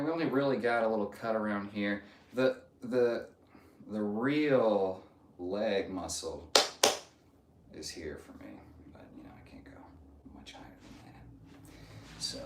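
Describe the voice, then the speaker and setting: Male streamer, unhurried delivery, lively up-and-down pitch, drifting into mumbles, faint hiss behind. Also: echoey room. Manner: drawling, easygoing, often drops to a murmur. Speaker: livestream host. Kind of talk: casual chat reading viewer comments. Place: home room on a stretching livestream.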